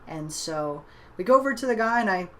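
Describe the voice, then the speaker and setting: A woman's voice: mid-range voice, animated, brisk, a bit bright. Woman telling a motivational story. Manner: conversational, many "you know" and "right?" tags. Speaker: online business trainer.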